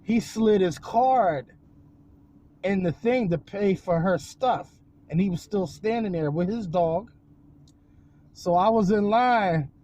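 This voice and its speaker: High-voiced man telling a rambling story. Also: slow, pauses often, slight background noise. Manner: rambling, jokey, animated storytelling. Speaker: vlogger. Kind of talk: casual storytelling vlog. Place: outdoors on a windy day.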